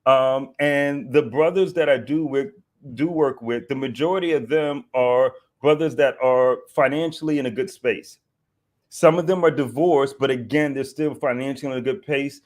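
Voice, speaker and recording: A man hosting an online talk show at an ordinary middle pitch. He circles and restarts his thoughts, piling up fillers as he talks. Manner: rambling, many fillers and restarts, banters. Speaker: host.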